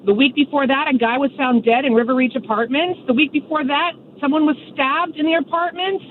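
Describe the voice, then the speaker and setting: Woman, radio caller, from Pennsylvania, high voice, insistent, tinny phone line, faint hiss. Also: steady tone, brisk. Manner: insistent, upset, listing grievances.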